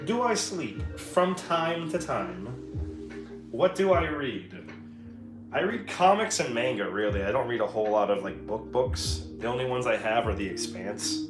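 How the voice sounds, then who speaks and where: A man rambling casually on a painting stream, his voice of middling pitch and loose, profane manner. The room is echoey, and music plays clearly in the background. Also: expressive, moderate pace. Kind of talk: casual live-stream chat while painting.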